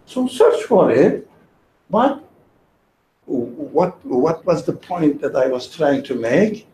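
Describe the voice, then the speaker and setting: A high, lively male voice explains religious ideas slowly, reasoning aloud through everyday examples. He sounds mellow and patient. The recording is echoey, with a faint background hiss. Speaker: religious teacher. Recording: echoey room with faint noise.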